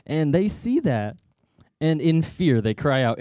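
A man's voice: fairly high pitch, very animated, a little slow, dark tone, no room sound, studio quality. A man telling a Bible story to kids in a playful, joking way, adding sound effects and asides.

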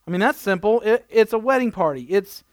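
A man's voice: sits high, fairly quick, no room sound, clean studio sound. A man preaching a conversational sermon, reading scripture and adding playful everyday asides. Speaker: pastor.

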